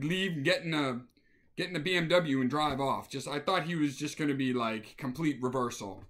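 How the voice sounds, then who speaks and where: A man's voice: a little high, normal speed. A man telling a casual anecdote, acting out the scenes with voices. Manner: animated, acts out scenes with voices. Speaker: storyteller.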